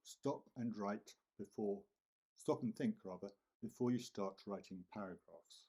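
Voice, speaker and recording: A man teaching IELTS essay writing, speaking deliberately and repeating key words for emphasis. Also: fairly low pitch, mellow, husky. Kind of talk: instructional talk to camera.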